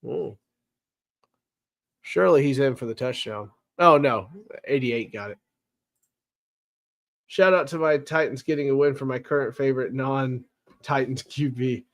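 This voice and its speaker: A man's voice: medium pitch, unhurried, pauses often. A man hosting a casual live-stream football recap, chatty and wry, teasing his chat with sarcasm. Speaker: sports show host.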